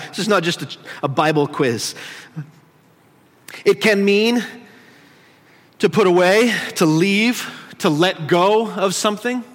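A man's voice: sits high, fairly bright tone, in a large hall. A male pastor preaching a conversational sermon in a church, teasing his congregation as he teaches. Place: church sanctuary.

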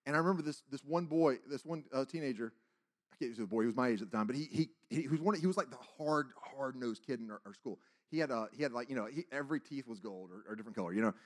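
Speaking fast with lively intonation at a medium pitch, a man delivers his personal testimony as a sermon. He acts out the dialogue in his story and shifts dramatically from booming to hushed.

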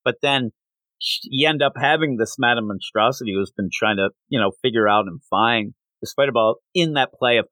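A man's voice: medium pitch, fairly quick, dry recording, rough recording. A man co-hosting a podcast, casually discussing a comic book and acting out its lines as he retells it. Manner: animated retelling, acts out quoted lines. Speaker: podcast co-host.

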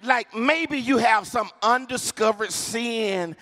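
A male pastor preaching a sermon, often shouting his lines, calling on the congregation to answer and telling funny stories. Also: extremely high pitch, slow, no room sound. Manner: calls on the congregation for responses; humorous storytelling with laughs.

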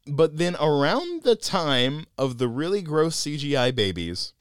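A man co-hosting a casual podcast film review, animated and laughing often as he acts out lines he quotes. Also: fairly high pitch, unhurried, clear, resonant tone, no echo, studio quality.

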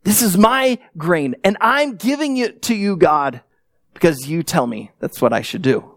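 A middle-aged man delivering a sermon with a lively, swooping delivery, acting out voices as he tells stories. His voice is close and dry, with no room sound around it. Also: high-pitched, measured pace, no echo. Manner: animated storytelling with acted-out quotes. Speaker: pastor.

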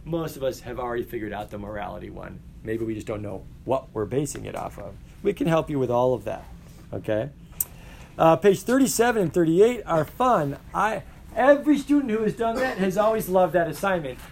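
A middle-aged male teacher lecturing his class in an animated way, often putting questions to the students. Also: on the high side, brisk, vocal fry, a little hiss or hum.

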